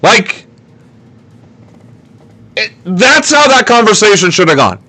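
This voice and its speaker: A man's voice: high-pitched, big pitch swings, moderate pace, sharp tone, no room sound, faint music behind. A man hosting a political livestream in a sarcastic, joking, self-mocking way. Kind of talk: casual livestream commentary.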